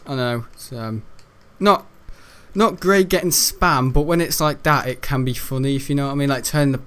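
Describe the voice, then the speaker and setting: A British man rambling through casual gaming commentary, chuckling often and jumping up in pitch when he's incredulous. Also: normal speed, a bit bright, smooth. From United Kingdom. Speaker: gaming YouTuber.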